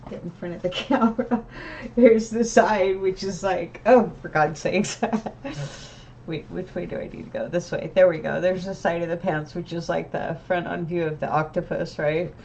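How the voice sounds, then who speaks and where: In a lowish, somewhat mellow voice, a vlogger delivers a rambling, tired monologue to her camera at home. She restarts frequently and tacks on "right?" a lot, over dull lo-fi sound with a touch of hiss or hum.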